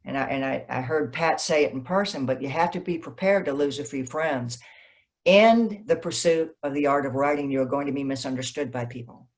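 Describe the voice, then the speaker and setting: A woman novelist, a guest in an interview, telling stories in a lively way and acting out what people said. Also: rumbling low, a little fast. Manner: animated, acts out quoted dialogue. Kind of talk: conversational interview, storytelling.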